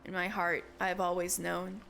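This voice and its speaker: A woman voicing a resolute young woman shipwright who speaks formally and earnestly, a little lower than her own voice. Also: level tone, moderate pace, gravelly, a bit bright, slight background noise.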